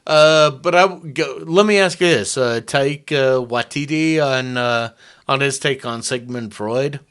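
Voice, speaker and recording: A man co-hosting a podcast in casual chat, jokey and quick to laugh. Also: mid-range voice, a bit bright, clear, resonant tone. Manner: jokey, laughs often, drifts into mock bits. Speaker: podcast co-host.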